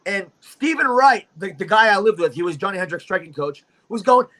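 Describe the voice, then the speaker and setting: A man's voice: high-pitched, expressive, a little fast, bright, forceful tone, poor audio. A man, telling a profane, swaggering fight story as a livestream guest.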